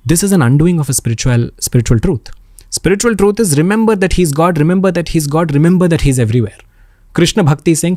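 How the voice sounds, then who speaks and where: A man, a podcast guest telling spiritual stories in an earnest, expressive way with pauses and repeats for emphasis. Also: on the high side, dry recording, studio quality. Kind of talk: spiritual storytelling.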